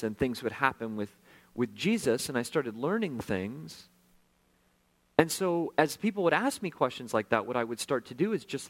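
Male pastor, middle-aged, conversational testimony-style sermon, hushed to animated. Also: medium pitch. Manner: conversational, self-deprecating, swings from hushed to animated. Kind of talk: sermon storytelling.

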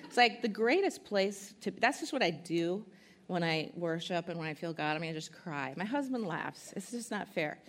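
A woman speaker at a church conference, telling an emotional testimony and teaching, earnest and halting with many fillers. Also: on the low side, expressive, slight background noise.

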